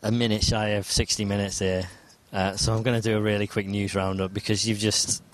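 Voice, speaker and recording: A man's voice: fairly low pitch, level tone, fairly quick. A man hosting a casual podcast chat, rambling and enthusiastic as he steers the talk. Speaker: podcast host.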